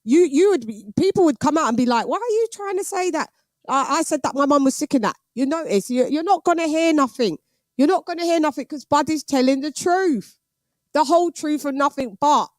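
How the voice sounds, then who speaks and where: Woman, stream host, animated and cheeky, slightly high voice, dry close sound. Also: brisk, no echo. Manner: animated, laughs often, talks back to chat. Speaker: boxing show host. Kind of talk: casual live-stream chat.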